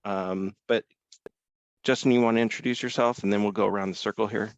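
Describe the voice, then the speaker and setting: A man's voice: lowish voice, steady tone, a little fast, clean tone, dry recording, dull audio. A man hosting a webinar over a video call, talking loosely with many fillers. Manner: loose, filler-heavy, apologetic. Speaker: webinar host, sales team member. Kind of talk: casual webinar talk.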